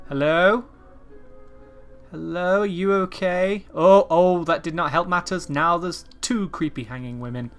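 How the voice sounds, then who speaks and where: A young man giving jokey, sweary let's-play commentary with animated reactions. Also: on the high side. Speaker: gaming YouTuber.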